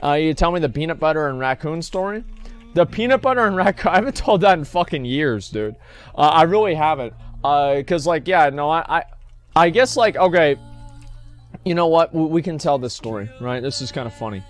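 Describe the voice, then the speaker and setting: A man's voice: fairly high pitch, animated, brisk, faint music behind. A man telling a long story casually to his stream audience, rambling and swearing freely. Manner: rambling, profane, restarts and fillers.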